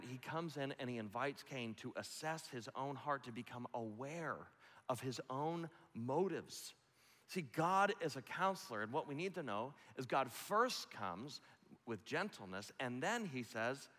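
A man's voice: mid-range voice, big pitch swings, normal speed, pushed and bright, in a large hall. A man preaching a sermon as pastor, emphatic and conversational, often asking the congregation rhetorical questions.

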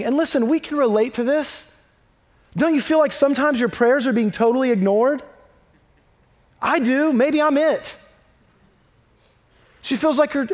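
A man preaching a sermon in a conversational, emphatic way, dropping low and quiet when he reads scripture.

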